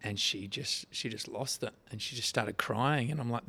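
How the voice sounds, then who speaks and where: A man's voice: mid-range voice, moderate pace, sharp tone, husky. Chatty male podcast host. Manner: candid, chatty storyteller, laughs easily. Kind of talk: casual podcast chat.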